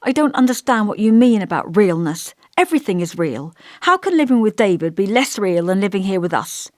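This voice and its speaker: A woman's voice: mid-range voice, sing-song, fairly quick, a little mellow, no echo, clean studio sound, lightly acted. A woman reading as an earnest, coaxing young woman. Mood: bewildered. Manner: tentative, coaxing, bewildered. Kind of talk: audiobook dialogue reading.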